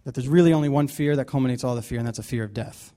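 A man's voice: mid-range voice, very fast, dark tone. A man leading a Bible study, preaching casually with many fillers and restarts. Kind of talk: casual sermon.

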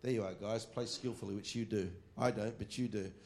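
A man preaching a sermon on worship. He reads scripture aloud slowly and firmly and drops into quiet asides. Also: on the low side, steady tone.

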